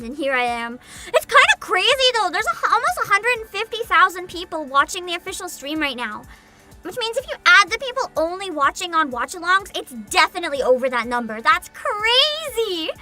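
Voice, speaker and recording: A woman streamer chatting casually on a livestream, excitable and giggly, often humming and squealing. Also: extremely high pitch. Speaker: streamer reacting to a game showcase. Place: home streaming setup.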